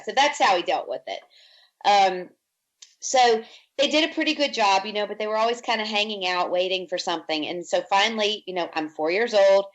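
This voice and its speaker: A Virginia woman, guesting on a podcast, tells her life story in an interview and acts out the voices of people she quotes. Her medium-pitched voice comes through on a muffled recording.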